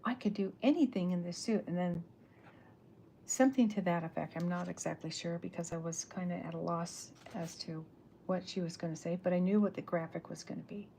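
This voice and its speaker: Soft-spoken, gravelly woman artist. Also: lowish voice, fairly even intonation, fairly quick, a little hiss or hum. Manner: chatty, rambling, drifting into whispers. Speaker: artist streaming while drawing comics. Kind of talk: soft-spoken ASMR livestream.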